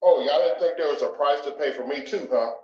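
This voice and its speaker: A man rants on a talk stream, hammering his points with mocking emphasis. His voice sits a little high and sounds distant from the mic. The room echoes and the audio is dull. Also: fairly quick, a little mellow. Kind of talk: heated opinion rant.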